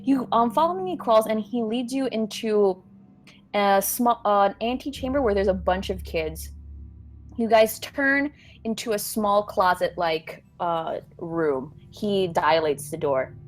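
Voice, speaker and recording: A woman's voice: medium pitch, a little slow, soft background music. A woman narrating a tabletop game as game master, describing scenes with casual fillers.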